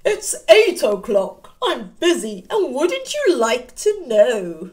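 Storybook wolf, male, cheerful and playful, loud sing-song delivery, voiced by a woman reading aloud. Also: high-pitched, wildly swooping pitch, takes it slowly, heavily acted.

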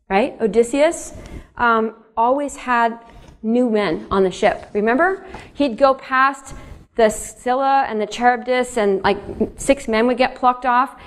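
A woman author giving a public lecture and reading in a museum hall, telling chatty stories, laughing between them and putting questions to the audience. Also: a little high.

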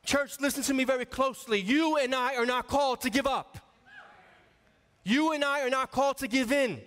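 A man in his forties preaches with a notably high, bright voice, telling stories and calling out to the congregation. His voice carries a long reverb that fills the church sanctuary around him. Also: normal speed. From New York area. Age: 40s. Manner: conversational, storytelling, calls out to the congregation. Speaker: associate pastor. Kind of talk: sermon.

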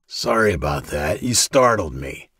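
A man doing a quiet, menacing brute of a villain. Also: expressive, measured pace, slightly rough, dry recording, clean studio sound, full character voice. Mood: placating. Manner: low, quiet and placating. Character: hulking adult male villain, menacing, feigning calm.

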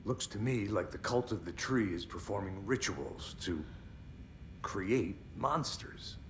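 An actor voicing a blunt, weary male detective with dry deadpan delivery in a video game. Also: fairly low pitch, takes it slowly, slight background noise.

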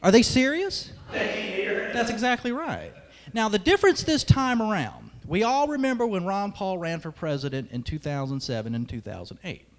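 Animated man speaking in a big hall. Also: sits high, normal speed. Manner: emphatic, sarcastic asides. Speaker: conference speaker, radio host. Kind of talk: political speech. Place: large hall. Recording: long hall reverb.

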